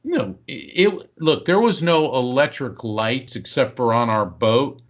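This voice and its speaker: Animated man telling a story. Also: medium pitch, unhurried, lo-fi sound. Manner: animated storyteller, acts out quotes, frequent fillers. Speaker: psychic medium guest. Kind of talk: anecdotal storytelling in conversation.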